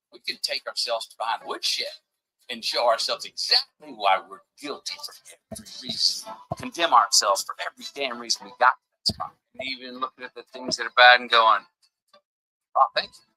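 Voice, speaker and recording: Forceful, emphatic man giving a pep talk. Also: medium pitch, poor audio. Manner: emphatic, preachy, acts out quoted voices. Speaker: motivational speaker. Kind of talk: motivational talk. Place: at a table with a camera crew.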